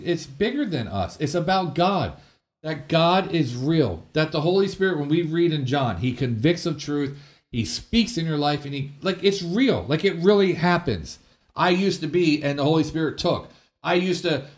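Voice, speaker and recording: A man pastor giving an informal sermon, talking in a conversational way with fillers like "like" and "man", and acting out short quotes. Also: fairly high pitch. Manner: conversational, animated preaching with many fillers and acted-out quotes.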